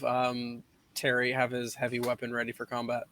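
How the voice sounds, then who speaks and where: A man playing in an online tabletop game, bantering in a relaxed, joking way. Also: medium pitch, normal speed. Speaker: player. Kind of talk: casual play at a tabletop game.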